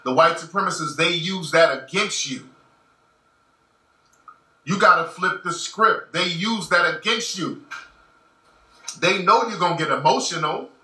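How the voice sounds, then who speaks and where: A man's voice: high voice, measured pace, pauses often, sharp tone. A man giving a blunt, emphatic, slangy commentary monologue. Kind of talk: casual monologue. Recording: echoey room, far from mic.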